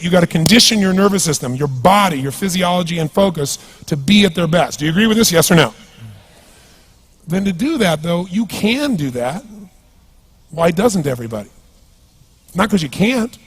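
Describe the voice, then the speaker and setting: A man from the United States giving an energetic seminar talk as a motivational speaker and putting questions to his audience. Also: fairly high pitch, slightly rough.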